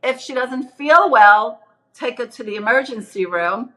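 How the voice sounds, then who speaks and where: Bright-voiced earnest woman retelling testimony. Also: lively intonation, unhurried, poor audio. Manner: earnest, acts out quoted voices with big pitch jumps. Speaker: near-death experience storyteller. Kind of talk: personal testimony, casual retelling.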